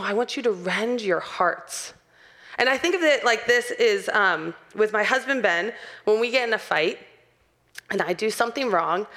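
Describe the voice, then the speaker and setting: A woman's voice: mid-range voice, fairly bright tone. A young adult woman preaching a sermon in an earnest, personal way and laughing lightly now and then.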